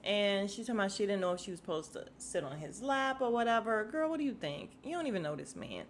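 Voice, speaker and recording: A woman's voice: mid-range voice, very animated, quick pace, slight background noise. Blunt, sassy woman from Chicago. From Chicago, USA. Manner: blunt, sassy, speaks straight to listeners. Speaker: podcast host. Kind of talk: casual reality TV recap.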